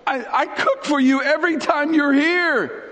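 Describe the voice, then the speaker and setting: A man's voice: very high voice, unhurried, pushed and bright, in a large hall, pitched above the performer's own voice, full character voice. A man voicing an exasperated young woman who scolds a friend for arriving late, in a sassy, indignant, slangy way.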